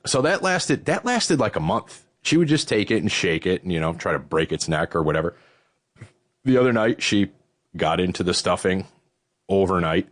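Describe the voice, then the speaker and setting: A middle-aged man from Western New York hosting a podcast, telling stories in a casual, profane way while out of breath. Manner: profane, animated storytelling with swooping pitch. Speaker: podcast host. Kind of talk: casual chat.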